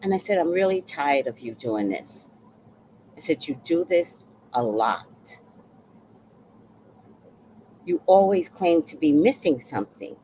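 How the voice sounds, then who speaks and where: A woman's voice: sits low, unhurried, long pauses, slight background noise, poor audio. A woman telling a personal story in a casual monologue, acting out what others said. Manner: animated, acts out quoted voices.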